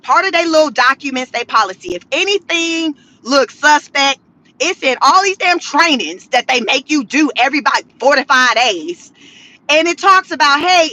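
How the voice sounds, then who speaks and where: High, bright-voiced woman gossiping to her viewers. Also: rough recording. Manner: animated storyteller, slangy, talks straight to viewers. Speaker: commentary vlogger. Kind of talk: casual commentary on news gossip.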